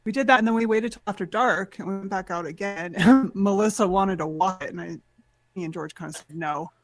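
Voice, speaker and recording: A woman on a podcast team, speaking casually and earnestly, with halting restarts. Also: medium pitch, no echo, faint music behind. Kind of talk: casual chat.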